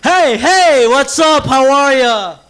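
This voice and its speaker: A young man doing a stand-up comedy routine on a small cafe stage, nervous and animated, breaking into sung bits. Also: very high voice, slow.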